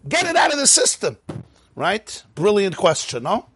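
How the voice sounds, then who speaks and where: A man's voice: sits high, wildly swooping pitch, moderate pace, fairly bright tone, slightly rough. A man teaching a Chasidic text class, chanting Hebrew passages in a sing-song, then explaining them animatedly in English. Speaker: Torah teacher.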